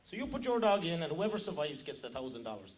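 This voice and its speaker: A man voicing a calm, matter-of-fact brother. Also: a little high, quick pace. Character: calm Irish brother with a fierce pet.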